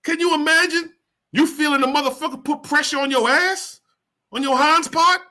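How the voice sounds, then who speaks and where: A man's voice: extremely high pitch, moderate pace, pushed and bright. A man hosting a reaction show, preaching heatedly and firing off rhetorical questions, with heavy profanity. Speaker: host reacting to a video. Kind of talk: profane street-preaching commentary.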